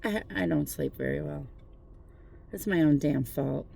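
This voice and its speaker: A warm, mid-range voice with vocal fry moves at a measured pace as a tarot reader gives a laid-back spiritual pep talk from a car parked at night. Jokes and swearing mix with genuine encouragement.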